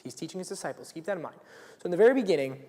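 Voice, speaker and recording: A man's voice: high voice, lively intonation, racing, warm tone. Earnest teenage boy preaching in a hall. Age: late teens. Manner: earnest, conversational, with restarts and "like". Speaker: student speaker. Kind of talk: youth sermon retelling a Bible story. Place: school chapel or hall, live. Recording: long hall reverb.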